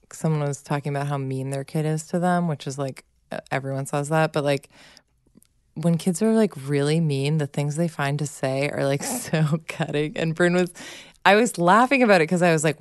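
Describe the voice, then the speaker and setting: A woman's voice: low voice, no room sound, studio quality. A woman in her thirties, a mother chatting casually on a podcast and telling stories about her kids. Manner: chatty, many "like" fillers, laughs often. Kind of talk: casual chat.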